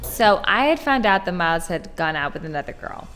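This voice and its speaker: A woman's voice: fairly low pitch, sing-song, fairly quick, a bit bright. A young woman telling a story in a chatty way, full of "like" and giggly asides, as an interviewee. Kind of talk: casual storytelling. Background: music.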